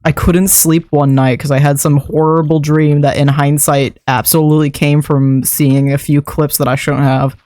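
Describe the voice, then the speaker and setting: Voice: mid-range voice, little pitch movement, moderate pace, few pauses, dark tone, no room sound. A young adult streamer chatting casually while building in a game, rambling from one story to the next with frequent laughs and the odd swear word.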